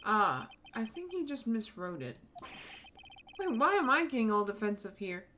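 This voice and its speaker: A woman's voice: fairly high pitch, sing-song, normal speed, pushed and bright, slight background noise. A woman voicing a laid-back Southern cowboy lawman in a game, with a Tennessee drawl and folksy frontier sayings. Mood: lazy drawl.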